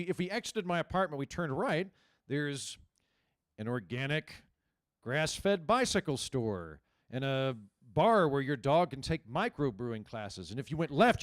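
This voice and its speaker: A man in his forties doing a live stand-up set, talking to the crowd in a loose, halting way with frequent restarts. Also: on the high side, dry recording, studio quality. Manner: conversational, halting restarts, riffs with audience. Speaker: stand-up comedian.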